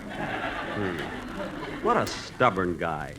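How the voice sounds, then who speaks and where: A man's voice: deep voice, huge pitch swings, drawn-out words, background noise. A man hosting a 1940s radio comedy show, indignant and exasperated in his comic timing.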